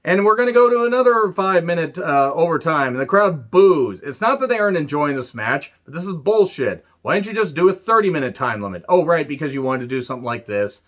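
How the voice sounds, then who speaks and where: A man giving a casual, animated review of an old wrestling show, swearing freely and tossing in sarcastic asides. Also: fairly high pitch, quick pace, few pauses, lo-fi sound. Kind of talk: casual retro review monologue.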